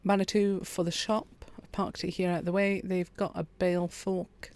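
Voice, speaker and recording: Calm woman streaming a game, soft and easygoing, a touch of vocal fry. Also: fairly low pitch, moderate pace. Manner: quiet, relaxed, chats with viewers. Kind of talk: calm gameplay commentary.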